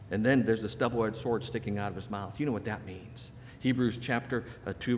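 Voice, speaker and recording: A man's voice: mid-range voice, darkish tone, a little hiss or hum. Man preaching a sermon in a reverberant hall. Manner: emphatic preaching, slowing and rising on key phrases. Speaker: pastor.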